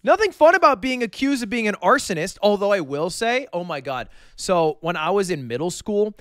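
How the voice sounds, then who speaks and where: Animated young man telling a story. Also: high-pitched, a little fast, dry recording, clean studio sound. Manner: animated, swearing, joking. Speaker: streamer. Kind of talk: casual storytelling chat.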